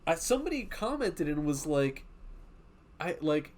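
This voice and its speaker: In a slightly high, unhurried voice, a man runs a laid-back art stream, sketching while he chatters profanely and wanders off topic. He stays animated, frequently putting on voices to quote people.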